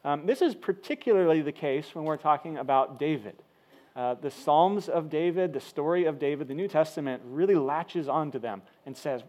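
A man's voice: on the high side, lively intonation, normal speed, mellow. A man preaching a sermon, explaining a scripture passage in an easygoing, conversational way with frequent fillers. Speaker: pastor.

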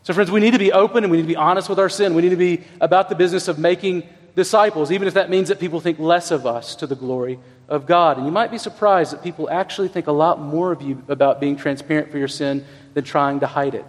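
High-voiced pastor preaching in a hall. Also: male voice, fairly even intonation. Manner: earnest, conversational storytelling with emphatic pauses. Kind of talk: sermon.

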